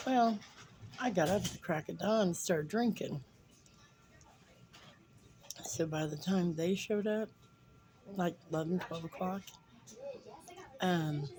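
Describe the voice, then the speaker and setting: A woman's voice: lowish voice, a little mellow, poor audio. A woman in her fifties telling a funny personal story in a chatty way, with fillers and acted-out quotes. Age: 50s. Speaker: vlogger.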